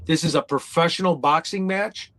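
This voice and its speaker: A man's voice: on the high side, normal speed, a bit bright, no echo. Fired-up man ranting on a livestream. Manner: heated, profane, repetitive taunting. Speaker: livestream host. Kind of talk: livestream rant.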